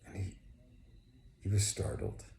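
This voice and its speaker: A man narrating a folk tale slowly and intimately, often sinking to a whisper, recorded in an echoey room with faint noise. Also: mellow. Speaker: storyteller. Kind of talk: storybook narration.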